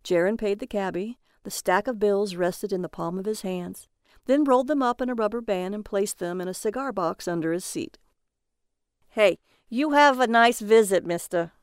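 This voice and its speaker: A woman narrating a noir horror story in a steady, measured way. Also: mid-range voice, clean tone, no room sound, studio quality.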